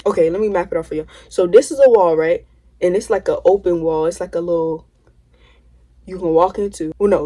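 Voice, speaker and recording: Young woman casually ranting a storytime, animated, rambly, lots of slang, middle pitch. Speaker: vlogger.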